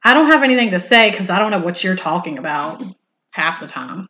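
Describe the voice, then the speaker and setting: A woman's voice: on the low side, animated, fairly quick, pushed and bright. A woman making dry, blunt remarks in a casual chat. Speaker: podcast co-host. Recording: roomy echo with faint noise.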